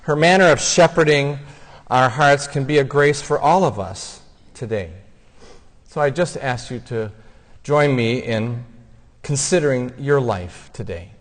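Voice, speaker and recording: Slow, gentle man preaching in a church. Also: medium pitch, lively intonation. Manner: gentle, heartfelt storytelling. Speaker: homilist and son of the deceased. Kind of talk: funeral homily. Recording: long church reverb.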